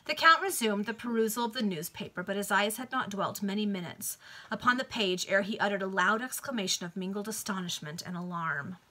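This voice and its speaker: A woman's voice: medium pitch, fairly quick, bright, forceful tone. A woman casually reading a nineteenth-century novel aloud to friends over a video call, with chatty asides. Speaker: reader.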